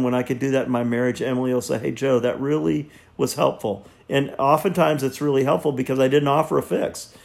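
A man in his sixties, a marriage counselor, speaking in an earnest, halting way as he reflects and teaches. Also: mid-range voice, vocal fry. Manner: earnest, halting, repeats words.

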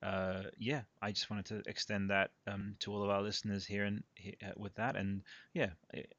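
A man's voice: fairly low pitch, level tone, moderate pace, fairly bright tone, no room sound, lo-fi sound. A man hosting a casual podcast chat, talking hesitantly with many fillers and laughing easily. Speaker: podcast host.

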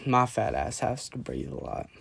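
A tipsy young man talks in a loose, rambling way, losing his thread and circling back. His voice sits at an ordinary middle pitch for a man. It sounds like casual late-night chat. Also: very animated, moderate pace, vocal fry, a bit bright, slightly rough. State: drunk.

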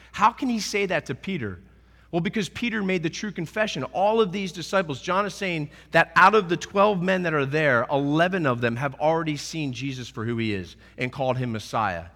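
A man preaches with a bright, forceful voice set slightly high for a man. He talks with earnest energy and acts out quoted lines. His voice rings out with a long reverb tail, as in a large church. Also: lively intonation, normal speed. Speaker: pastor. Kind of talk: sermon.

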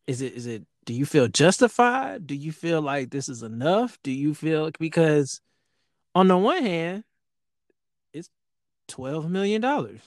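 A man co-hosting a casual podcast, asking questions and teasing with quick laughs. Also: on the high side, big pitch swings, no echo, clean studio sound. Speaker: podcast co-host.

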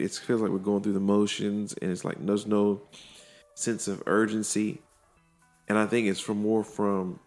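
Gravelly low-voiced man telling stories. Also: a little mellow. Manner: earnest storytelling, retelling friends' conversations. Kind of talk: casual podcast chat.

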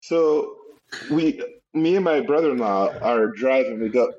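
A man's voice: medium pitch, measured pace, a little mellow, slight background noise. A man chatting casually as co-host, laughing easily and telling a travel story. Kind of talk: casual chat. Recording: dull lo-fi sound.

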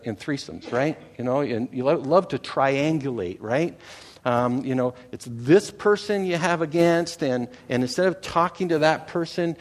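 Conversational middle-aged male pastor preaching. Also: fairly high pitch. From Canada. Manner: conversational, repeats words, checks in with "okay?". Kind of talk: sermon.

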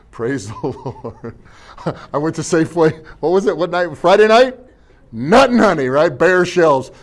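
A middle-aged male pastor with a fairly high voice, preaching in a folksy, joking way. He keeps asking the congregation questions and punctuating his points with amens. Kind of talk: sermon.

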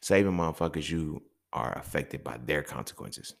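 A man's voice: a bass voice, animated, normal speed, gravelly. A man hosting a solo podcast, talking bluntly and profanely and often building into emphatic rants. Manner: keeps checking in with the listener. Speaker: podcast host. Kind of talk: unscripted solo podcast monologue.

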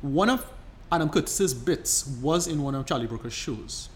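A man's voice: fairly high pitch, animated, normal speed, a little hiss or hum. A man co-hosting a podcast, explaining at length in casual chat, rambling and restarting his sentences. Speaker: podcast co-host.

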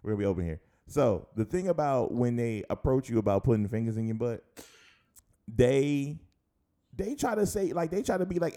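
A man's voice: medium pitch, lively intonation, fairly quick, warm tone. A man co-hosting and producing a casual podcast, a chatty storyteller who laughs often.

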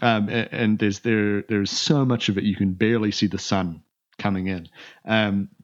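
A man narrating as game master of a tabletop game, halting with many restarts. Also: fairly low pitch, fairly even intonation. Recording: muffled lo-fi recording.

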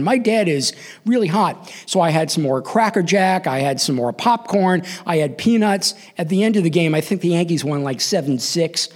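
A man in his sixties from New York, hosting a live storytelling show and acting out the voices in his own story. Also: high voice. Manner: animated, acts out quoted voices.

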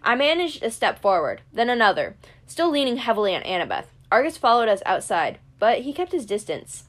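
A woman narrating a first-person audiobook with steady storytelling. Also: on the high side, a little fast. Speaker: audiobook reader.

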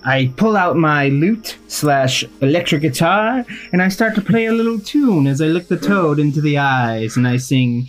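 Guy playing a bard at a tabletop game, mid pitch, reads rules pretty quick, faint music. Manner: reads rules aloud briskly. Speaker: player.

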